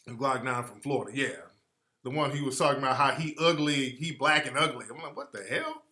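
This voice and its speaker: A man's voice: mid-range voice, steady tone, brisk, bright, forceful tone, echoey room. A man hosting a radio talk show, talking to listeners in a loose, slangy, rambling way and trailing off while he looks things up. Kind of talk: casual commentary to listeners.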